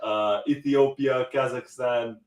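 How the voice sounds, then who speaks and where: A man hosting a live stream, excited and laughing often as he greets viewers and reads out where they are watching from. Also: mid-range voice, slow pace, recorded from a distance. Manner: laughing, elated, reading out viewer locations. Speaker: show host. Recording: roomy echo, a bit off-mic.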